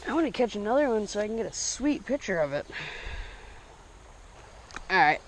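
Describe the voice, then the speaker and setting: A young man narrating his fishing trip casually outdoors, breaking into excited outbursts when he hooks a fish. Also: sits high, moderate pace, slight background noise. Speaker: fishing vlogger. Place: outdoors by a small stream. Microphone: action camera. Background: running stream water.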